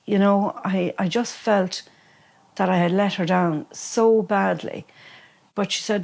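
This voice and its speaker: A woman's voice: medium pitch, steady tone, takes it slowly, vocal fry, darkish tone. Candid mother, reflective. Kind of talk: documentary interview.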